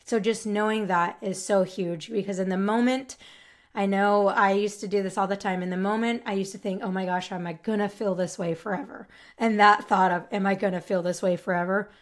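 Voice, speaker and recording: A woman's voice: medium pitch, steady tone, a little fast. A woman hosting a casual solo podcast, speaking earnestly and reassuringly straight to the listener, often tagging her sentences with "right?" and "like". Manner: frequent "right?" and "like" tags. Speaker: podcast host.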